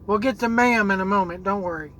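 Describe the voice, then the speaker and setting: On a rough recording with slight background noise, a gaming host talks fast in a high, fairly bright voice. His commentary is an angry, profane rant about a game, full of repeated words as he gropes for phrasing.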